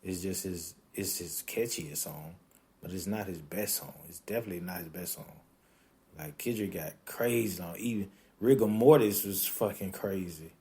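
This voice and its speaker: A man, hosting a podcast in a casual rant. He swears constantly and keeps jumping into high, incredulous outbursts. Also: normal speed. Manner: profane, animated, breaks into high-pitched incredulous outbursts. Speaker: podcast host.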